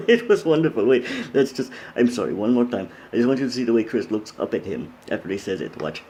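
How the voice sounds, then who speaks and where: A man's voice: mid-range voice, expressive, fast talker, few pauses, a little mellow. Gleeful, sneering male commentator. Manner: sarcastic, gleeful, swears a lot. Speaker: host doing commentary over a TV clip. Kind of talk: excited crude running commentary.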